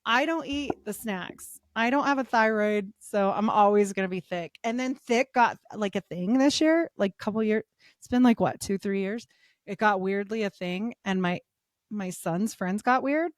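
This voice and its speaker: A woman's voice: mid-range voice, moderate pace, no echo, studio quality. A middle-aged woman chatting as a podcast guest, telling stories with lots of laughter and acted-out quotes. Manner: animated storytelling, laughing often, acting out quotes. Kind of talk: casual chat.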